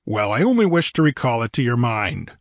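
Conan, a gruff grim barbarian voiced by a man. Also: medium pitch, sing-song, a little fast, dry recording. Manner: gruff, impatient, mocking. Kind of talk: audiobook character voice.

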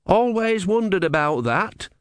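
A man's voice: sits high, expressive, a little slow, smooth, dry recording, pitched above the performer's own voice. A man voicing a hesitant, stammering young male novice. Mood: musing.

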